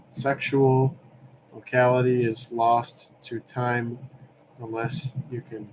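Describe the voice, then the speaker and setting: A man's voice: medium pitch, a little mellow, slight background noise. A young man hosting a livestream auction, chatting casually and rambling as he reads comments aloud.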